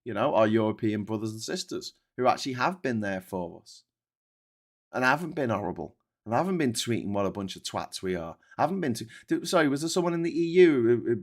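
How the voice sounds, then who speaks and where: A British man hosting a live show, reading viewer comments and ranting in an animated, sweary way with frequent stumbling restarts. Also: lowish voice. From Britain.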